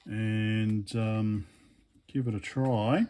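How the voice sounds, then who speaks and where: A man giving a casual hands-on teardown commentary, thinking aloud in a hesitant, low-key way with many fillers and restarts while he works. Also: steady tone, extremely slow, dark tone. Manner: low-key, mutters asides while working with his hands. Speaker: electronics hobbyist vlogger.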